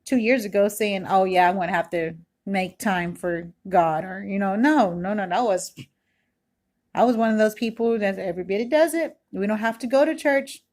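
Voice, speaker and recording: A woman's voice: medium pitch, normal speed, a little mellow. Woman in her 30s, casual church testimony, earnest, rambling, close mic, home kitchen. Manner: earnest and rambling, full of "you know" and "like". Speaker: churchgoer giving a personal testimony. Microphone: self-recorded video, close mic.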